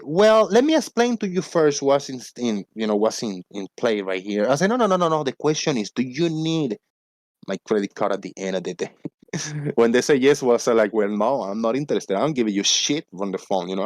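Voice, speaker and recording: A man's voice: on the low side, expressive, a little fast, dry recording. A man hosting a casual livestream, talking animatedly, swearing freely and acting out phone callers in a raised voice. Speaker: livestream host.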